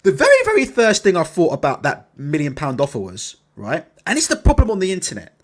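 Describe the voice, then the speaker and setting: A boxing YouTube host talks a little fast in a voice on the high side, its pitch swooping wildly. His casual opinion commentary is laced with rhetorical tags like "innit?" and "right?", plus casual swearing and laughter at his own jokes.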